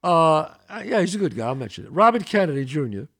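Blunt podcast host man, lively pitch. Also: fast. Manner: blunt, swears freely, tells wry stories. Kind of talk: casual podcast chat.

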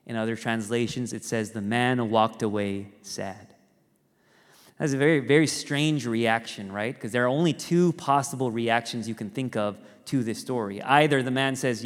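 A pastor giving a conversational sermon, telling stories with animated rises and quiet, earnest drops. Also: male voice, mid-range voice, normal speed. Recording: reverberant hall.

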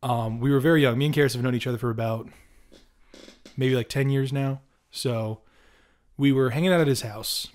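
Young male podcast co-host, casual storyteller, animated. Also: medium pitch, a little fast, pauses often. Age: young adult. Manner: animated storyteller, acts out quotes, frequent ums and throat clearing.

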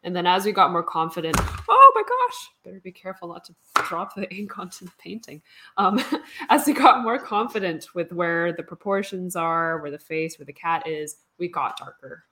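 Woman, slightly low voice, relaxed, dry humor, casual chat. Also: moderate pace. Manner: relaxed, wry, reads viewer comments. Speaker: co-host. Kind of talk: casual chat while painting.

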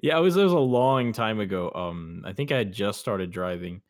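A man's voice: lowish voice, animated, moderate pace, no room sound. A man co-hosting a podcast in casual chat who laughs often and trails off mid-sentence. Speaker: podcast co-host.

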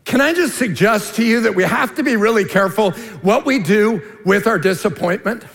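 A man preaching a sermon as lead pastor, earnest and emphatic, dropping to a hushed tone for key points. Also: sits high, fairly quick, creaky. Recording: long reverb of a large hall.

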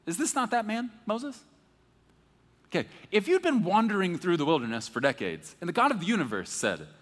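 Lively guy preaching a sermon, chatty and animated, big echoey church. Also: high-pitched, a little fast. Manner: animated, conversational, acts out scripture. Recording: echoey hall.

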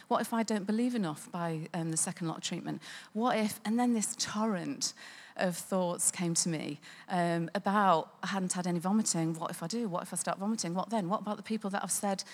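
Woman telling a faith testimony. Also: medium pitch. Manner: conversational with frequent ums and laughter. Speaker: speaker sharing a testimony.

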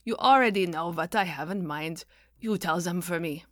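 A woman voicing a merry, elderly German-born immigrant lady in an audiobook, speaking slowly and deliberately. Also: on the low side, a bit bright, no echo, clean studio sound, close to an everyday voice. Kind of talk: audiobook character voice.

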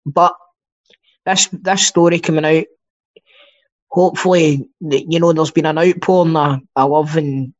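Scottish guy rambling on a podcast, swears a lot, bit high pitched, muffled lo-fi mic. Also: fairly even intonation, a little slow, long pauses. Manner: chatty, rambling, swears freely. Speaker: podcast co-host. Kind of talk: casual chat. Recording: dull lo-fi sound.

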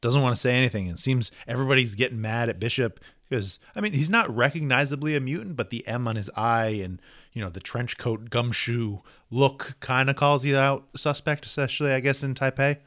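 A man's voice: medium pitch, brisk, a bit bright, dry recording, clean studio sound. A man co-hosting a casual chat about a comic book, recapping and analyzing the story in an easygoing way. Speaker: comic book podcast co-host.

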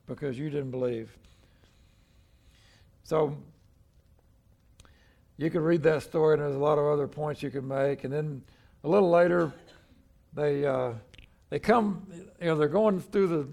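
A man's voice: a little high, creaky, darkish tone. An older male pastor preaching a sermon in a conversational way, acting out the people in the story as he goes.

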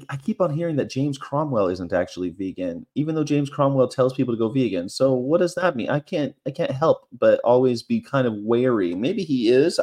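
A man's voice: medium pitch, darkish tone. A man vlogging in a casual, rambling monologue with offhand, crude, jokey asides.

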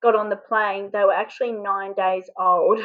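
A woman from Australia recounts a deeply personal story in a flat, even voice, pausing and catching her breath as emotion rises. The recording sounds a little dull and lo-fi. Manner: halting, emotional, often choked up. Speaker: interview guest.

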